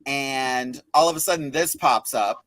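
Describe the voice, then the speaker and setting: A man's voice: medium pitch, unhurried, noisy background. A man in drag hosting a live stream, bubbly and chatty as he reads viewer comments. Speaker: drag queen host reading comments. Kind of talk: casual live-stream chat.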